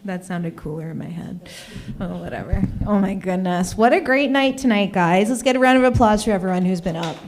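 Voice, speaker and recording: A woman's voice: medium pitch, animated, brisk, darkish tone. A young woman doing an open mic stand-up set in a small comedy venue, rambling and self-mocking as she chats with the crowd. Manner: keeps saying "oh my goodness". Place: small comedy venue in front of a live audience.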